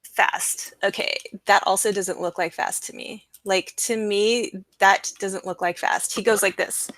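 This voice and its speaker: A young adult woman hosting a casual live stream, talking in an excited, rambling way with lots of fillers. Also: mid-range voice, unhurried, no echo. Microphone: computer mic, screen sharing.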